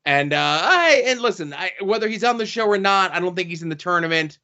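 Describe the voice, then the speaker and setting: A man's voice: high-pitched, brisk. A man co-hosting a podcast, chatting casually with lots of fillers. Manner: relaxed, filler-heavy banter. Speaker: podcast co-host. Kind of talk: casual chat. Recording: dull lo-fi podcast audio.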